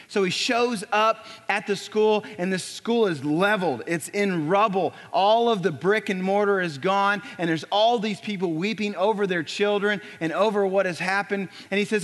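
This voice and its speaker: A man preaching, telling a story dramatically and dropping to a hushed near-whisper. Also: high-pitched, normal speed. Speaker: pastor. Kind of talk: sermon storytelling. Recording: long hall reverb.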